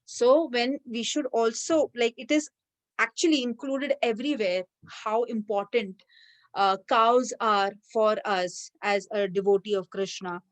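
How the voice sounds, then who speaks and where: A woman giving a devotional talk, telling a sacred story with lively, animated delivery. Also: fairly high pitch, unhurried, no room sound. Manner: animated storyteller, many fillers. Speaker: devotional speaker.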